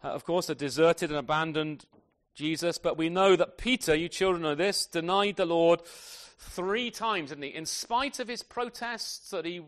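A man preaching a sermon to a congregation with children, asking tag questions and swinging from loud emphasis to soft, quiet phrases. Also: on the high side, normal speed. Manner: animated, asks tag questions often.

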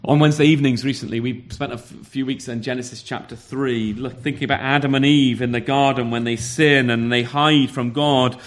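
A man's voice: mid-range voice, steady tone, brisk, few pauses. A man preaching a sermon, earnest, often repeating words and asking rhetorical questions.

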